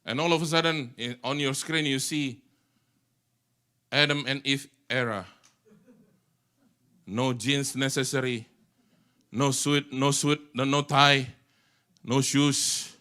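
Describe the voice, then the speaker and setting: Pastor preaching in church, lively and jokey, bright forceful voice. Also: male voice, mid-range voice, slow, pauses often. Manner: animated, teasing the congregation, mixing English with Indonesian. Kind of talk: sermon.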